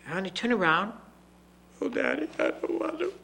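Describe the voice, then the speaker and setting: A man voicing a gentle, patient father who speaks softly and tenderly. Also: on the high side, moderate pace, pitched above the performer's own voice. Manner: soft, tender, calm.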